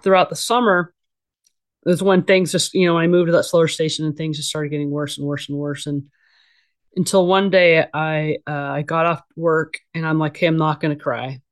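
A woman's voice: sits low, fairly even intonation, moderate pace, clear, resonant tone. Blunt middle-aged woman talking candidly. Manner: blunt, casual, with frequent fillers and restarts. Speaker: interview guest. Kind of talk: candid conversational storytelling.

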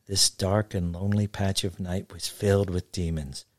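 A man telling a wry story from his childhood in an unhurried way. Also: low-pitched, little pitch movement, no room sound, clean studio sound. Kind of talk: told memoir story.

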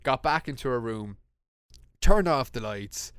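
A young Irish man tells a story on a casual podcast, animated and quick to laugh, often stumbling and restarting. His voice is smooth and clear. It is recorded close and dry. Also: medium pitch, no room sound. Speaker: podcast co-host.

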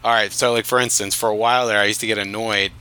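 A man's voice: on the low side, fairly even intonation, fast, bright, forceful tone, smooth. A man in casual podcast banter, joking and swearing, often cutting in. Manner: joking, profane, interrupts. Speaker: podcast co-host.

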